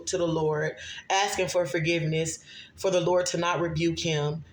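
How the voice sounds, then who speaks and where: A man delivering a prophetic sermon, reading scripture slowly and pausing often to ask "okay?". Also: fairly high pitch, slight background noise. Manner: frequent checking "okay?" asides, slow deliberate scripture reading. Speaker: self-described prophet and messenger.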